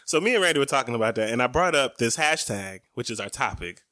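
A young man co-hosting a casual podcast, animated and often laughing as he banters with his wife. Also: medium pitch, fast talker, no room sound. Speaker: podcast co-host.

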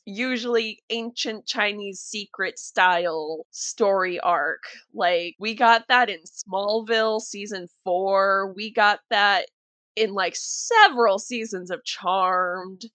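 A woman hosting a podcast in casual chat, emphatic and animated as she tells stories. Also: mid-range voice, no room sound. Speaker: podcast host.

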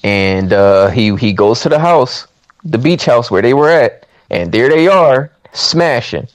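A man retells a movie plot in casual chat, with an animated, storytelling delivery. He acts out the characters' lines as he goes. His voice sits at a middle pitch and is recorded dry and close. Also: unhurried, no room sound. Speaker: movie recap podcaster.

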